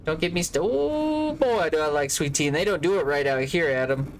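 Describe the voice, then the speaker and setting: A man's voice: on the high side, steady tone, quick pace, a little hiss or hum, low-quality recording. A man from Georgia with a Southern accent, chatting casually and jokingly with viewers on a live game stream. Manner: jokey, rambling, chats with viewers.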